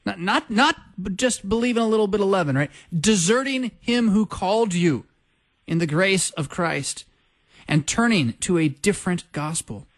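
A man teaching a bible study on a radio talk show, speaking with passion and emphasis, breaking into quick laughs. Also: sits high, animated, fairly bright tone. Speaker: pastor.

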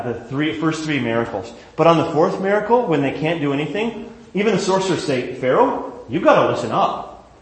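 A man leading a Bible lesson, storytelling in a lively, conversational manner. His voice sits high, and the room around him is echoey. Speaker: Bible teacher.

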